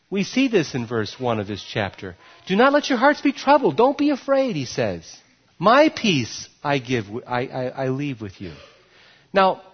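Male pastor, sermon delivery, higher voice, dull lo-fi recording. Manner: lively preaching with emphatic rises and soft drops.

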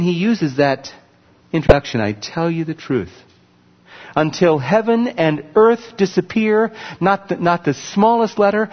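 A man preaching a sermon in a slightly high, husky voice, lifting his pitch sharply to stress key words. He teaches in an emphatic tone and points out details on a screen with a laser pointer. The recording is dull and muffled, with a long reverb from a large hall.

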